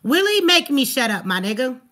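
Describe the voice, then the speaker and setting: Mad woman going off on her stream chat, high voice, cussing nonstop. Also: very animated, normal speed, fairly bright tone. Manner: angry, profane, confrontational, rhetorical questions. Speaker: livestream host. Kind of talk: heated livestream rant.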